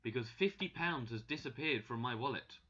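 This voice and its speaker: A man voicing a kind, thoughtful French man with a French accent, speaking slowly and clearly, in a dull lo-fi recording. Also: mid-range voice, lively intonation, pushed and bright. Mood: calm.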